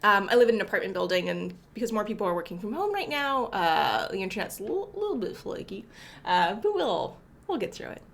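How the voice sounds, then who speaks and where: Lively chatty woman streaming from home. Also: medium pitch, fairly quick, gravelly, crowd noise. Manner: chatty, greets viewers by name, self-correcting. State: sniffly from allergies. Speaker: livestream host coding. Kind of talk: casual livestream chat. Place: apartment home.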